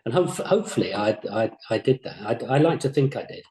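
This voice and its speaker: Older guy musing about the old days, mellow voice, kinda echoey room, lots of stops and restarts. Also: mid-range voice, animated, brisk. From England. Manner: hesitant, repeats words, modest. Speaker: former games company CEO, interview guest. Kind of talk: reflective interview chat. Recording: roomy echo.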